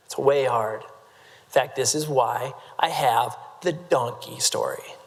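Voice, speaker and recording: A man's voice: mid-range voice, takes it slowly, creaky, slight background noise. A man from Nebraska giving a humorous keynote talk on a convention stage, joking with the crowd and filling his sentences with "like". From Nebraska, United States. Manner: playful, self-mocking, heavy use of "like", quips at the crowd. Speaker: motivational keynote speaker. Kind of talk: humorous storytelling talk to a live audience. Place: large convention hall main stage. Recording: long reverb of a large hall.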